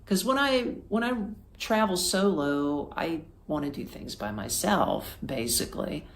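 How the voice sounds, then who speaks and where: A woman from Florida with a slightly low voice, spinning a travel tale for her podcast. She talks in a loose, chatty way, dropping plenty of fillers and acting out what people said. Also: big pitch swings, a little slow. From Florida, United States. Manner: chatty, with many fillers and acted-out quotes. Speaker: podcast host. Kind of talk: casual storytelling.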